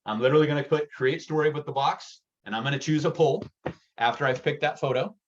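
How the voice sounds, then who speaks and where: A man giving a real estate sales workshop, energetic and direct, getting worked up as he talks. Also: fairly high pitch, quick pace, dull audio, a little hiss or hum. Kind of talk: workshop presentation.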